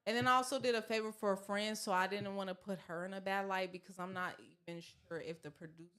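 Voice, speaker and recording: A woman's voice: medium pitch, steady tone, fast, a bit bright. A woman in her thirties with a Southern US accent, chatting casually as a podcast guest, rambling with many fillers and restarts. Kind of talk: casual chat.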